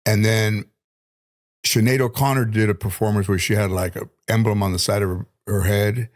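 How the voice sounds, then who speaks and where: A man's voice: fairly low pitch, steady tone, normal speed. A man as a comedian guest telling stories casually, swearing often and laughing through his lines. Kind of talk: casual storytelling.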